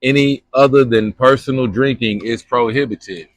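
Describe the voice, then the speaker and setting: Young male vlogger from Kentucky, mid-pitched, dry close sound, rambling slangy chat. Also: moderate pace, dry recording. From Louisville, Kentucky. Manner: slangy, loose and rambling, lots of fillers. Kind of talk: casual vlog chat. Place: outdoors at a spring.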